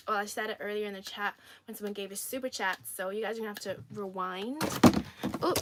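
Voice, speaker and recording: A woman's voice: medium pitch, noisy background. A young woman from China hosting a casual livestream, chatty and playful, laughing often and repeating herself as she reads comments. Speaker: livestream host.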